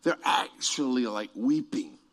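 A man preaching a sermon, telling stories with asides to people in the room and swinging from hushed tones to shouts. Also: medium pitch, sing-song, a little slow, vocal fry.

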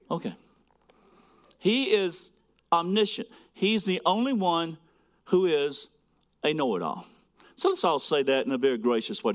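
A man preaching a sermon, swinging between loud, emphatic lines and quiet, hushed asides as he reads scripture to a congregation. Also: on the high side, lively intonation, normal speed. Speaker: pastor.

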